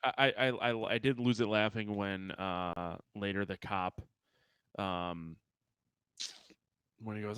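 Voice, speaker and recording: A man's voice: fairly low pitch, steady tone, takes it slowly, pauses often, a bit bright, clear, resonant tone, no room sound, clean studio sound. A man co-hosting a podcast, chatting casually and laid-back about a film he enjoyed. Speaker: podcast co-host. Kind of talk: casual film review chat.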